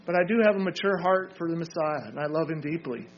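A man's voice: on the high side, fast, highs cut off, a little hiss or hum. An older man preaching an informal sermon, earnest, asking questions and answering them himself.

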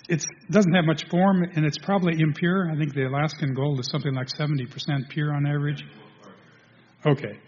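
A man preaching a sermon to a congregation, halting, restarting, and filling pauses as he goes. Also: on the high side. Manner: halting, with many restarts and fillers. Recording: dull lo-fi sound in a reverberant hall.

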